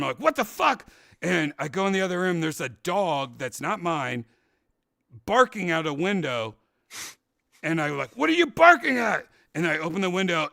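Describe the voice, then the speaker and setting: Animated gravelly-voiced man telling a story. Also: sits high, dry recording, clean studio sound. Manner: rambling, animated, acts out quotes loudly. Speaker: podcast host. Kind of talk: casual storytelling chat.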